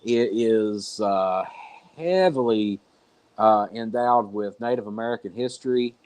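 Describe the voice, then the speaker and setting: His voice is on the low side, smooth and darkish, unhurried, with no room sound. As a remote podcast guest, the man rambles through a long story in blunt terms and swears occasionally during this casual storytelling interview.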